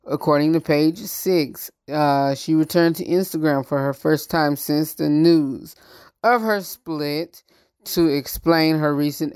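A man hosting his own show, chatting through celebrity news slowly and haltingly, with frequent ums and uhs. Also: a little high, darkish tone, clear, resonant tone, dry recording, clean studio sound. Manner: halting, many ums, slow and careful. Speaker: show host. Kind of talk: casual celebrity news chat.

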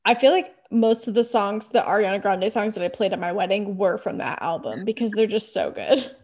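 A woman's voice: medium pitch, fairly quick, a little mellow. A young woman from Texas joins a podcast as a guest. She chats loosely and rambles, filling her sentences with "like" as she talks things through. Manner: chatty, rambling with many "like"s. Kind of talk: casual chat.

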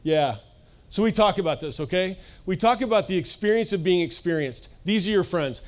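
Man preaching to a congregation, chatty and animated, voice slightly high. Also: normal speed. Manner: casual, animated, acts out voices, laughs often. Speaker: pastor. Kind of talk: sermon. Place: church service.

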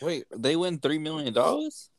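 A man's voice: fairly high pitch, wildly swooping pitch, normal speed, no room sound, studio quality. A man co-hosting a podcast, chiming in with short, emphatic remarks. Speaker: podcast co-host. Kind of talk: casual chat.

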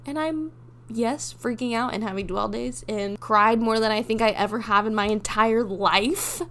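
Young woman co-host, slightly high pitch, candid rambling chat. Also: moderate pace, fairly bright tone. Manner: candid, rambling, self-mocking. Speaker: podcast co-host. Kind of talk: casual chat.

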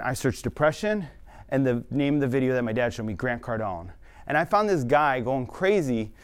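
A young man telling his own life story quickly and earnestly, with now and then a self-aware laugh. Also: mid-range voice. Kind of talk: personal storytelling talk.

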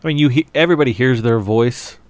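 A man co-hosting a casual podcast, relaxed and dry. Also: mid-range voice, fast, dry recording. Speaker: podcast co-host.

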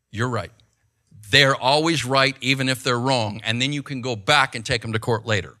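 A man's voice: mid-range voice, a little fast. A middle-aged man talking in a conversational monologue, telling stories with animation and often checking in with the listener. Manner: animated storytelling, rhetorical check-ins with the listener. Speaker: speaker giving advice.

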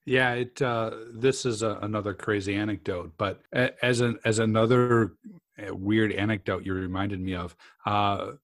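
Animated man telling anecdotes. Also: fairly low pitch, moderate pace, no room sound, clean studio sound. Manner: animated storyteller, fond of anecdotes. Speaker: podcast co-host. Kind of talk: casual technical discussion.

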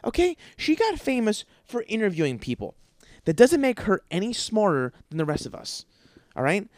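A man hosting a podcast from his apartment, ranting with constant swearing, stuttering and repeated words, jumping between yelling and mumbling. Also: sits high, huge pitch swings, moderate pace, no room sound, clean studio sound. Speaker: podcast host. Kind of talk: profane ranting monologue. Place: his apartment, in a dark room. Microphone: studio microphone.

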